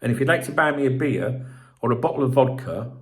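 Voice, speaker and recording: A man's voice: medium pitch, lively intonation, quick pace. A middle-aged man hosting a football channel, ranting in a sweary, exasperated, rambling sign-off to viewers.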